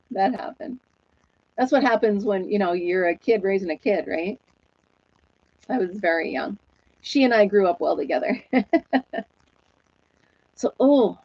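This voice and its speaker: A woman's voice: mid-range voice, darkish tone, no echo. A woman in her forties hosting a casual livestream, chatty and laughing often as she reads comments. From New York State. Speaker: livestream host chatting with viewers. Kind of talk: casual chat. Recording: dull, dry sound.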